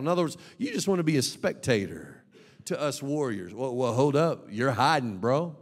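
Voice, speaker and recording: A man preaching an emphatic, animated sermon as a pastor, with bursts of shouting. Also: medium pitch, normal speed. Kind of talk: lively sermon. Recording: long reverb of a large hall.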